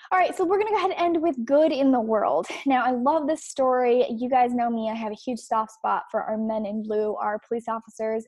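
A woman's voice: fairly high pitch, a little mellow, no room sound. A young woman hosting a podcast, giving sarcastic opinionated commentary and reading quotes aloud. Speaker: podcast host.

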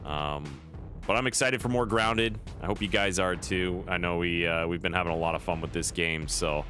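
A man's voice: deep voice, moderate pace, sharp tone, faint music behind. A man hosting a casual game live stream, chatty and friendly, greeting viewers by name and thanking them often. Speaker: streamer and host.

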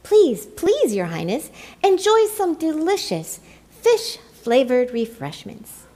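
A woman voicing a flock of excited penguins who gush and fawn over their guest. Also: high voice, takes it slowly, pitched above the performer's own voice, full character voice. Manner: gushing, fawning.

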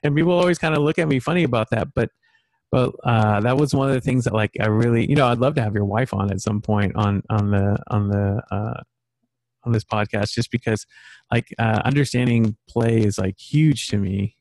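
A man's voice: medium pitch, moderate pace, darkish tone, dry recording. A man in his thirties hosting a casual podcast chat over a video call, rambling with many fillers and restarts. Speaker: podcast host.

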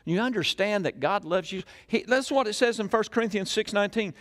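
A man's voice: high-pitched, quick pace, hardly any pauses, a bit bright. An older man, preaching a sermon in a church in a folksy storytelling way full of questions to the crowd. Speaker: pastor.

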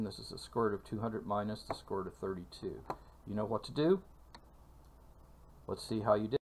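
A man teaching a calculus lecture for video, speaking in a measured way with frequent fillers and pauses. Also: fairly low pitch, slight background noise. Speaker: math lecturer.

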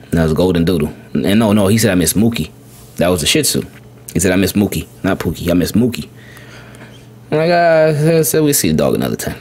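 A man with a somewhat low voice tells a family story on his podcast in a relaxed, rambling way. He circles back and repeats words, and his pitch jumps up sharply whenever he quotes his little boy. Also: fast, breathy edge. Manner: rambling, repeats words, animated when quoting his son. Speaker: podcast host. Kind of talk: casual storytelling.

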